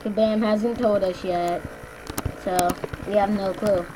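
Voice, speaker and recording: A woman's voice: mid-range voice, fairly even intonation, slow, warm tone, a little hiss or hum, low-quality recording. A young woman co-hosting a gaming video in casual chat, rambling through stories with lots of "like" and "basically" and swearing freely.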